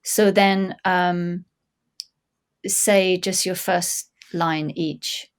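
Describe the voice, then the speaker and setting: A woman's voice: fairly low pitch, steady tone, very slow, clear, resonant tone. A woman giving blunt, instructive acting coaching over a video call, in a casual talk.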